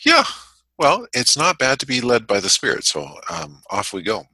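A man hosts a podcast in a bright, ringing voice. His pitch moves around a lot as he jokes and laughs with his co-host. The sound is close and dry, with no room echo. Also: moderate pace, husky. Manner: jokey, laughs often, then reads calmly. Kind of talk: casual chat and scripture reading.

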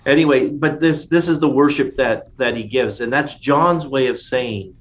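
A man's voice: mid-range voice, normal speed. A man teaching a casual Bible study in an enthusiastic, conversational way, often restarting his sentences. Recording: dull lo-fi sound with faint noise.

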